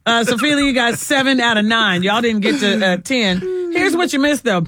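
A woman hosting a morning radio show, chatting with co-hosts and a caller in a warm, chatty way. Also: on the high side, lively intonation, normal speed, crowd noise. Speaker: radio host.

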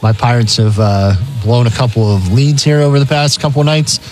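A man's voice: medium pitch, fairly even intonation, a little fast, darkish tone, soft background music. A man co-hosting a sports radio show, steadily reading matchups and odds with some fillers. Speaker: radio co-host reading betting lines. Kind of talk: casual sports betting chat.

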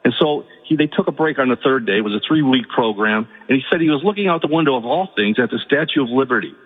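Caller: husky man, mid pitch, halting and earnest, heard through a tinny phone line. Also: animated, in a large hall. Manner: halting, repeats words, rises to pleading. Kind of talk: emotional call-in story.

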